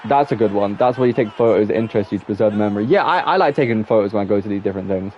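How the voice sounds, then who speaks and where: A man's voice: fairly low pitch, racing. A young man with an English accent chatting casually with viewers while playing a football game. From England. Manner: rambling, chatty, talks to viewers. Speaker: gaming streamer. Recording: slightly dull lo-fi mic with faint noise.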